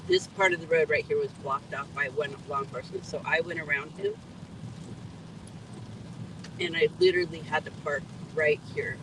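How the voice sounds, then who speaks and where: A woman's voice: low voice, fairly even intonation, normal speed, long pauses. A middle-aged woman talks from inside a parked car on a rainy night, a faint hum of traffic behind her. She is an EMT and a grieving mother, and she speaks earnestly and in close detail, pointing out places along the road. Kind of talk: emotional first-person account at a roadside.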